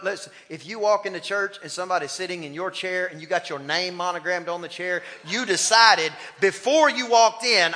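A man's voice: high voice, moderate pace, hardly any pauses, bright, forceful tone. A man preaching a sermon as pastor, impassioned and calling on the congregation to respond. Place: church sanctuary. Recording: long hall reverb in a church.

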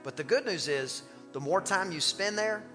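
A man preaching an animated, exclamatory sermon as pastor of a church. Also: sits high, normal speed, in a large hall, faint music behind.

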